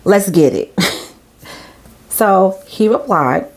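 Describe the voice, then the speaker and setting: A woman's voice: mid-range voice, lively intonation, very slow, a little mellow. A woman hosting her channel, chatting casually and reading messages aloud with chatty asides and rhetorical questions. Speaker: channel host.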